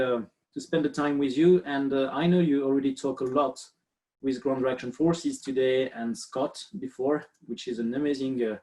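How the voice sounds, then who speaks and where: A man's voice: medium pitch, darkish tone. A man from France with a French accent, a biomechanist presenting on a webinar over a video call, friendly and thorough with many fillers. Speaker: guest biomechanist.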